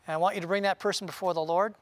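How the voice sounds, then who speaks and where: A man preaching a sermon in an earnest, conversational way, often pausing with "uh". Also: high voice, steady tone, no room sound. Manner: earnest, conversational, with frequent "uh" pauses. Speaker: pastor.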